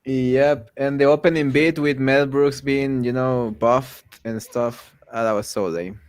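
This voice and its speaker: A man in casual podcast chat, laid-back and quick to react. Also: medium pitch, fairly even intonation, darkish tone, smooth, no echo.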